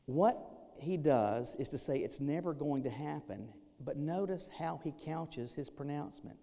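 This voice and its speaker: A pastor delivering a sermon, animated, breaking into playful acted asides. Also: male voice, on the high side, unhurried. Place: church sanctuary. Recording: long reverb of a church hall.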